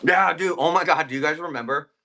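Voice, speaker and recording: A man's voice: fairly high pitch, quick pace, bright, forceful tone. Male stream host, easygoing, rambling plant chat, talks with food in his mouth. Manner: rambling, laid-back, eating while talking. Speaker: live-stream plant seller. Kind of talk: casual live-stream chat.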